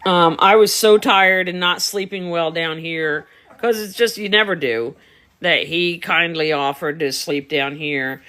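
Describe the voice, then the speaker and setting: A middle-aged woman talks casually on a livestream from her home, bright and forceful in tone with a somewhat low pitch. She explains her puppy-raising methods and answers viewers as she goes. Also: a little slow. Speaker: dog breeder. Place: home, beside a whelping box.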